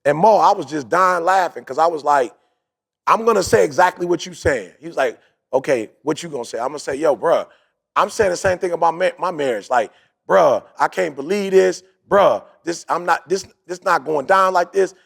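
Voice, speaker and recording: A man's voice: on the high side, animated, moderate pace, vocal fry, breathy edge. A man hosting a podcast, telling a story in a casual motivational way, acting out quotes and repeating his points. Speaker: podcast host.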